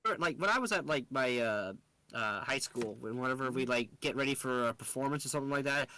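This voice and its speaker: A man's voice: medium pitch, fast talker, sharp tone. A man co-hosting a casual podcast, rambling with lots of fillers and laughing easily. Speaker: podcast co-host. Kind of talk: casual chat.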